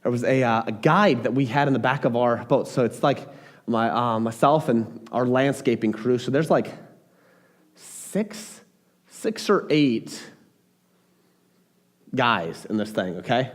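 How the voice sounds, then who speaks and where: A man preaching a sermon as pastor, talking in an animated, emphatic way with frequent restarts. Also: mid-range voice, unhurried, pauses often.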